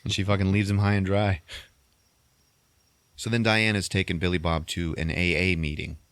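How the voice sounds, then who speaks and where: A man's voice: sits low, flat delivery, moderate pace, fairly bright tone, smooth, dry recording. A man hosting a podcast, recapping a movie in a crude, profane, chatty way. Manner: profane, laughing storyteller. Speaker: podcast host.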